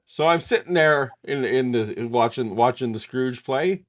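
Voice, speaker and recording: A man's voice: mid-range voice, normal speed. A middle-aged man co-hosting a casual chat, telling a long self-deprecating story full of restarts. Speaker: podcast co-host.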